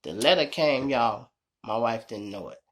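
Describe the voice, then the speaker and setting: A storyteller host with a Chicago accent and a mid-range voice tells a story casually and profanely at normal speed. He's animated and keeps chatting directly with his audience throughout.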